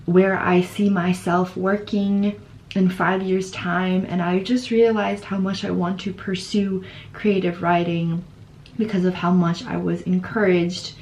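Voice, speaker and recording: Young woman, earnest vlogger reflecting from her room; slow, lowish, tender delivery. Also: little pitch movement, darkish tone, slight background noise. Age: young adult. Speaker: exchange student vlogger. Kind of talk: heartfelt personal reflection.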